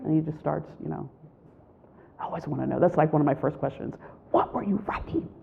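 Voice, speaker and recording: A woman giving a spiritual retreat talk, telling a personal story with animated storytelling and acting out what people said. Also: deep voice, quick pace, vocal fry, a little hiss or hum. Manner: animated storytelling, acts out quotes. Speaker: retreat speaker. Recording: tinny phone-like sound.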